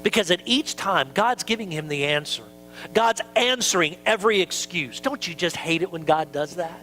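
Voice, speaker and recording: A man pastor delivering a sermon in a chatty, animated way, slipping into voices for the excuses he quotes. His voice sits high and sounds bright and forceful, swinging widely in pitch. A faint mains hum runs under the recording. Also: fairly quick, poor audio. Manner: conversational preaching, acts out quoted excuses.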